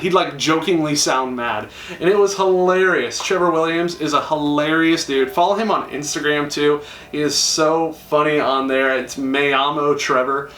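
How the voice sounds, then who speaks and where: A man's voice: a little high, a bit bright, recorded from a distance. A young man chatting enthusiastically to camera, acting out quoted lines. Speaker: YouTuber. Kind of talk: casual talk to camera. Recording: echoey room, a little off-mic.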